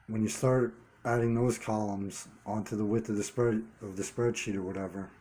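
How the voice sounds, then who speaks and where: Man, fairly low voice, warm and mellow; an earnest solo vlogger thinking aloud, restarting phrases and hammering single words. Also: steady tone, moderate pace. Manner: earnest, repeats key words for emphasis. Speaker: vlogger running a one-person channel. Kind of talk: unscripted commentary monologue.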